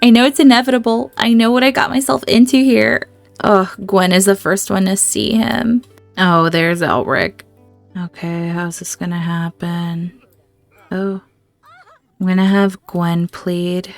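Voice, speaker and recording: A woman's voice: medium pitch, a little slow, vocal fry, no echo, faint music behind. A woman hosting a let's-play, chatting through the game and reacting emotionally to what happens on screen. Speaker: gaming channel host.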